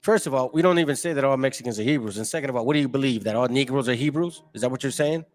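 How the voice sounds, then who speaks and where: A man's voice: mid-range voice, rapid-fire. Combative man hosting a livestream. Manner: combative, mocking, talks back to viewers. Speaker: channel host. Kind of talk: livestream commentary reading chat.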